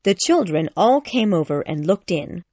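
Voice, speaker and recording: A woman narrating a graded reader audiobook in a slow, careful, clearly articulated way. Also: fairly low pitch, sing-song, mellow, no room sound.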